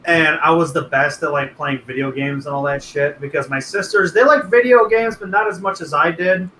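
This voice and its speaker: Podcast co-host, man, high and bright, rambling and profane, roomy sound. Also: normal speed, a little hiss or hum. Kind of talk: casual chat.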